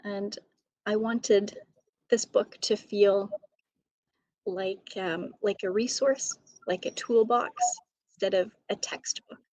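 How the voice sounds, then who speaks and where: Slow, measured woman author. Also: mid-range voice, steady tone, a little mellow, dry recording, rough recording. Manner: measured, many ums. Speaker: author and educator. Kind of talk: interview answers.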